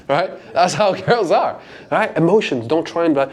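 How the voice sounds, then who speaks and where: A man's voice: lively intonation, brisk, husky. A young man, a dating coach, giving a casual, profane seminar talk to a small group and acting out lines in a raised voice. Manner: casual, profane, acts out lines with pitch jumps.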